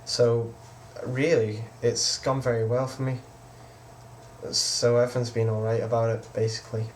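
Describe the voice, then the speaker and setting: In this rambling bedroom vlog, a teenage boy casually recounts something that happened to him, slipping in "I was just like" whenever he quotes someone. He talks at a normal speed in a flat, medium-pitched voice, over a little hiss or hum.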